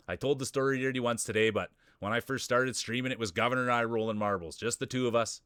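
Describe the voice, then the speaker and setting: A man's voice: medium pitch, fairly even intonation, quick pace, hardly any pauses, fairly bright tone, clean tone, no room sound, clean studio sound. A man hosting a live stream, calling marble races like a hype announcer and greeting his viewers. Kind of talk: live-stream race commentary.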